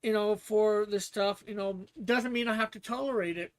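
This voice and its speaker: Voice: mid-range voice, steady tone, moderate pace. Rambling casual streamer. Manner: rambling, with restarts and laughs. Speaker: streamer hosting a guessing game. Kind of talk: casual livestream chat.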